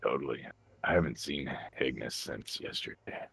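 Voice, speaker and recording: A man playing a tabletop game, talking in a casual, deadpan way. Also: extremely low pitch, moderate pace, vocal fry, husky. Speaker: player. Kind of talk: in-character tabletop chat.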